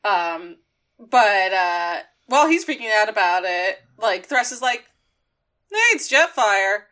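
A woman's voice: mid-range voice, expressive, unhurried, a bit bright. A woman co-hosting a casual chat, laughing often and swearing while she retells scenes. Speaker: podcast co-host.

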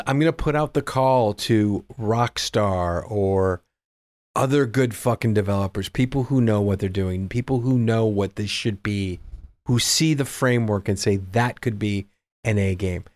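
A man's voice: on the low side, moderate pace, a little mellow. A man co-hosting a casual game podcast, speaking emphatically with frequent swearing and often echoing his partner's words. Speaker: podcast co-host. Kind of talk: casual game review chat.

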